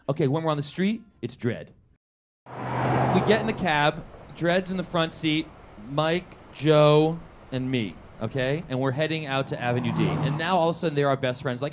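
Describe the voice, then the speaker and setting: A man's voice: on the high side, fairly quick, slight background noise. A man telling a comedic true story to a live audience, acting out the quoted voices. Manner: animated, acts out quotes in big voices.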